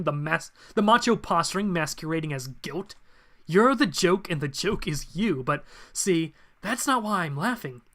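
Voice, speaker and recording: A man's voice: a little high, a bit bright. Man voicing a mocking giant villain robot. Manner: mocking, taunting. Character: gloating male villain robot, towering and cruel.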